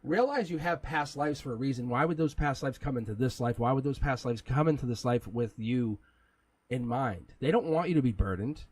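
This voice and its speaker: A man's voice: medium pitch, expressive, a little fast, darkish tone, husky, no room sound, poor audio. A man hosting a live tarot reading, talking in a rambling, casual way, chuckling often and swearing now and then. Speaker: tarot reader, livestream host.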